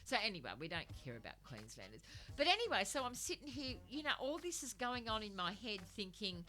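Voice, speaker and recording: A woman's voice: mid-range voice, wildly swooping pitch, brisk, hardly any pauses, sharp tone. A middle-aged woman, a radio guest, telling a story animatedly with laughter and swearing. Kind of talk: casual storytelling chat.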